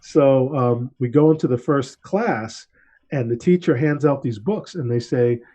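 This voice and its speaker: A man and podcast host telling a story in casual chat, relaxed and animated when quoting people. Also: mid-range voice, unhurried.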